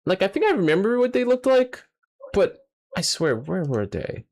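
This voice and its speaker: Animated young man reacting live. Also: high-pitched, moderate pace. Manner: exasperated, swearing, talks to chat. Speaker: streamer reacting to a manga chapter. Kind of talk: live reaction stream, casual chat.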